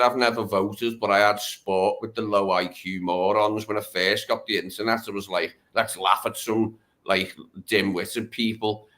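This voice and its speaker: A man's voice: lowish voice, sharp tone. A man hosting a casual livestream chat, rambling and mocking, talking over a remote call. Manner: rambling, mocking impressions of others. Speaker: host.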